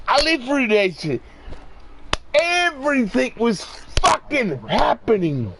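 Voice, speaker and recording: A man's voice: very high-pitched, big pitch swings, unhurried, a crowd in the background. A middle-aged man in a rambling, profane monologue, getting worked up as he rants.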